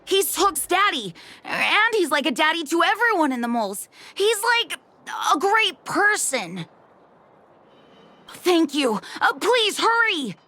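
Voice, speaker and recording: A woman's voice: very high voice, sing-song, takes it slowly, sharp tone, exaggerated voice. A woman voicing a cocky, bossy young kid in a game who calls herself second in command. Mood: worried. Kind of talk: game voice acting.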